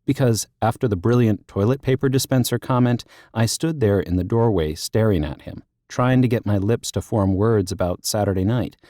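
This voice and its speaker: A man's voice: fairly low pitch, warm tone, no echo, close to an everyday voice. A man reading an audiobook, voicing an anxious young female teacher who is flustered, self-deprecating and close to tears. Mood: frustrated. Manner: teary, self-deprecating, rushed. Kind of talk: audiobook character voice.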